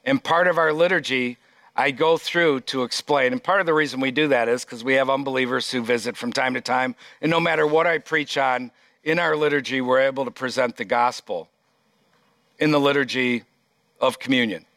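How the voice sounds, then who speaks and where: A man's voice: medium pitch, fairly even intonation, a little fast, fairly bright tone, no echo. A pastor preaching a sermon, reading scripture aloud and stressing his points emphatically.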